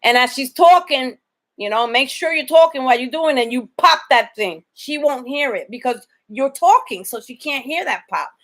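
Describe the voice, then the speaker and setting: A woman telling a personal story to the camera in a casual, animated way, acting out the dialogue she quotes and swearing freely. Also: sits high, normal speed. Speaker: vlogger.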